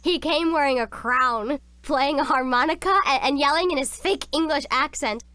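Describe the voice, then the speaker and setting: A woman voicing a bright, science-savvy teenage schoolgirl in a video game, expressive and sincere. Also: high voice, normal speed, dry recording. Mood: skeptical.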